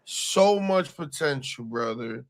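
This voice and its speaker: A man co-hosting a casual podcast, talking haltingly with lots of fillers. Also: medium pitch, lively intonation, creaky. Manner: halting, fills with "like". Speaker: podcast co-host.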